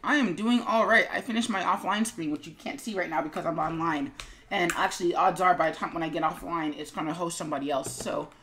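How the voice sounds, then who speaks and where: Rambling woman streamer, slightly low voice. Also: quick pace, fairly bright tone, a little hiss or hum. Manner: rambling, filler-heavy, mumbles while working. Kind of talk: casual live-stream chat while animating.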